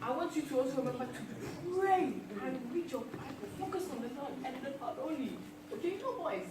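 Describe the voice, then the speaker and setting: A woman's voice: high voice, lively intonation, a little fast. A young woman playing a stern, devout mother who scolds her daughter on the phone, laughing between lines, on a live stage in an echoey hall. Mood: scolding. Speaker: student performer in a skit. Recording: echoey hall, far mic, loud noise.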